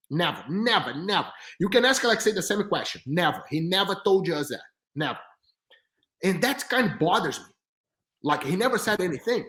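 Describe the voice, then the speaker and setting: A man's voice: sits high, a little fast. Talkative man in an echoey room. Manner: animated, talkative, slightly non-native grammar. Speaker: podcast guest. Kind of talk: storytelling in casual chat. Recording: roomy echo.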